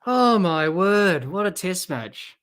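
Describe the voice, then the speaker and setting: A woman hosting a live cricket watch-along podcast, excitable as she calls the play and answers viewer chat. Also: lowish voice, takes it slowly, clear, resonant tone. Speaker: podcast host.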